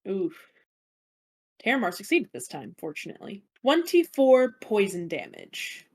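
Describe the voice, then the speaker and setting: A woman's voice: medium pitch, huge pitch swings, a little slow, husky. A woman narrating as game master of a tabletop game, calling rolls and describing the enemies' turns.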